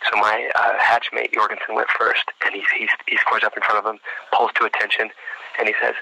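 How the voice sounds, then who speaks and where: Bright-voiced young man telling a story. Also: lowish voice, fairly quick, gravelly, breathy edge, no echo, rough recording. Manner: animated, with restarts and quoted voices. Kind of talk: casual anecdote.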